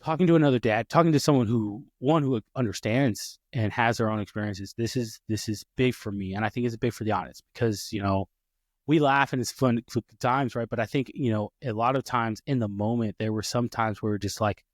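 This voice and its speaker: A man's voice: medium pitch, a little fast, dry recording, studio quality. A man hosting a podcast, chatting casually, rambling with many restarts and fillers, and acting out the dialogue he quotes. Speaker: podcast host. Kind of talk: casual conversation.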